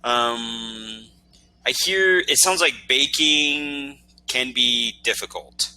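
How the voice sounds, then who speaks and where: A man's voice: mid-range voice, slow pace, pushed and bright, smooth. A man from the United States tutoring English in an online lesson, patient and encouraging, often checking that he understood. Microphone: video call.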